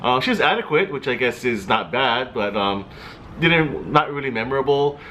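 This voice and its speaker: A man's voice: mid-range voice, animated, moderate pace, sharp tone, a little hiss or hum. A man giving a casual movie review, chatty and a little hesitant, with fillers and restarts.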